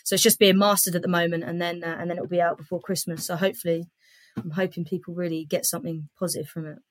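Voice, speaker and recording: A woman comedian chats as a podcast guest, upbeat and stringing her thoughts together in long runs. Her voice sits fairly low for a woman. The sound is close and dry. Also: level tone, dry recording. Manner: upbeat, quick, talks in long run-on strings. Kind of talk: casual interview chat.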